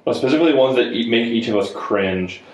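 A man co-hosting a podcast in casual chat, quick with asides and laughing easily. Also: mid-range voice. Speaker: podcast co-host. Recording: echoey room.

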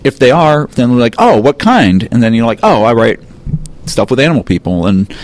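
Male podcast host, halting and dryly joking, casual. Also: medium pitch, animated, a little mellow. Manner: halting, stammering restarts, wry. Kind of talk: casual chat.

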